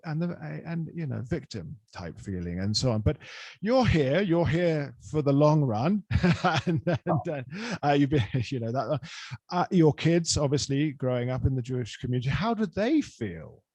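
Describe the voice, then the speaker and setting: A man hosting a podcast interview, in a voice of middling pitch. He rambles through his stories, restarting often and circling back. His voice is dry and close to the mic. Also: a little mellow, no room sound. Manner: rambling, many restarts and fillers. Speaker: podcast host. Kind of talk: casual interview chat.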